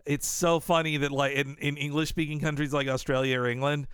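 A man's voice: a little high, little pitch movement, fairly quick, a bit bright, clean tone, no echo, studio quality. A man co-hosting a podcast, chatting casually and laughing often between his thoughts. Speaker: podcast co-host. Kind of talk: casual chat.

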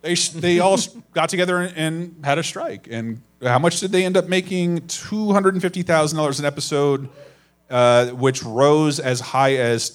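A man's voice: a little high, moderate pace. Rambling, self-mocking male podcast host. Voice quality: profane, rambling, self-deprecating. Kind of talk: live podcast banter. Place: live show before an audience.

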